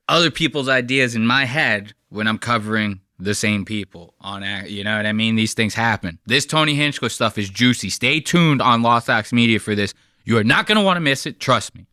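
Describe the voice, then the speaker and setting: A man hosts a reaction commentary in a bright, sharp voice that swings widely in pitch. He rants with mock outrage and frequent swearing. The sound is dry and close. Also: no room sound. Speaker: show host and editor. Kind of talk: reaction commentary over a clip.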